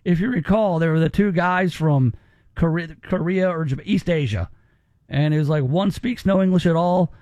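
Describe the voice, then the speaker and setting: A man's voice: fairly high pitch, moderate pace, darkish tone, no echo. A man hosting a talk radio show, chatting casually and rambling with restarts.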